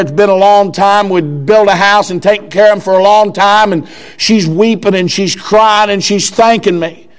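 A man preaching a sermon, telling a story in a folksy way that swings between quiet talk and shouted exhortation. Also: high voice, smooth.

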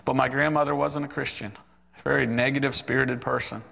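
The speaker is a man in his forties, a missionary preacher sharing his testimony in a sermon. He acts out the characters in his story with animated quoted voices, talking at a quick pace in a mid-range voice with vocal fry, recorded in a big-sounding room.

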